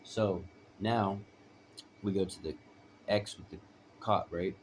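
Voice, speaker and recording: Deep-voiced man telling a hard story. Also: steady tone, slow, slight background noise. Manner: rambling, emphatic, keeps asking "right?". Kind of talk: personal storytelling.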